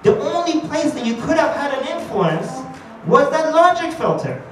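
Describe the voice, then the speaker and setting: A man giving an argumentative conference talk, animated and acting out quoted voices as he builds his case. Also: very high voice, moderate pace, music in the background. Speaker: conference speaker. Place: conference hall. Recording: echoey hall, distant mic, faint noise.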